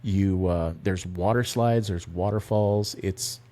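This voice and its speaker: Man with a lowish voice, relaxed podcast co-host, matter-of-fact. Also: slow pace. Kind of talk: casual chat.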